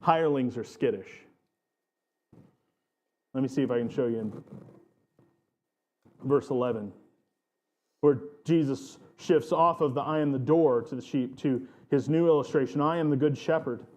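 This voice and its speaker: A man's voice: mid-range voice, normal speed, pauses often, a little mellow. A man preaching a sermon as pastor of his church, earnest and emphatic, stretching out key phrases.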